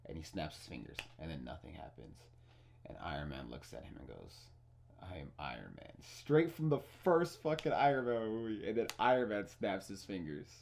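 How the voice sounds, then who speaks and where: A young man hosting a casual podcast, excitedly retelling movie scenes, swearing freely and restarting his sentences. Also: deep voice, fairly quick, gravelly. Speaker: podcast host. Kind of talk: casual spoiler chat.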